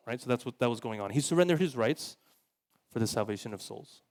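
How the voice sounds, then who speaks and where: A man's voice: medium pitch, a little fast. A male pastor giving a sermon in a casual, conversational way, full of "like" fillers, who acts out the people he quotes. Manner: animated, voices quoted people.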